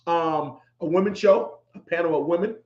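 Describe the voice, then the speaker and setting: A man's voice: on the high side, moderate pace, a little mellow. A middle-aged man hosting a podcast, talking heartfelt and emotional, repeating himself for emphasis. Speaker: podcast host. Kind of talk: heartfelt livestream talk. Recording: echoey room, dull lo-fi sound.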